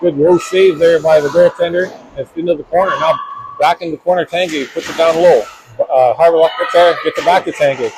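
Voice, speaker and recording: Male play-by-play announcer, slightly high voice, live hockey call, noisy rink behind. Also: fairly even intonation. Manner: rapid running description with self-corrections. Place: ice rink.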